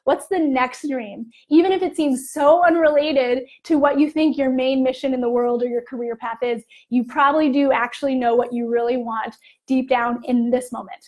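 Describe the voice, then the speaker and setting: A young adult woman life coach talking casually on a live video, chatty and animated, full of "like" and "you know". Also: high-pitched, moderate pace, few pauses.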